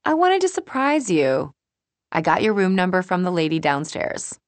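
A woman reading an audiobook, voicing an upbeat, coaxing young woman a little higher and louder than her narration. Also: huge pitch swings, normal speed, dry recording. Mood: bright, coaxing.

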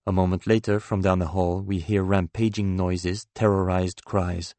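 Male audiobook narrator, very low voice, dry close sound, measured first-person read. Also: level tone, a little mellow, no room sound.

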